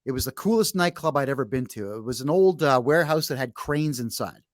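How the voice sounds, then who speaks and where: A man's voice: medium pitch, expressive, brisk, no room sound, clean studio sound. A brash middle-aged man hosting a podcast, telling a long story bluntly in casual chat. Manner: frequent restarts and fillers while telling a story. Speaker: podcast host.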